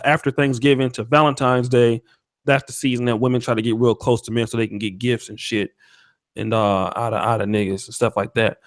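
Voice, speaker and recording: A man's voice: medium pitch, no room sound, studio quality. Laid-back male podcast host. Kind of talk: casual podcast talk, reading donations.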